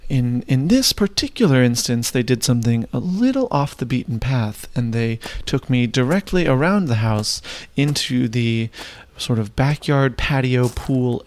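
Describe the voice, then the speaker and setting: A man from the United States telling a comic personal story on a podcast, wry and animated, jumping up in pitch for emphasis. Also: no echo.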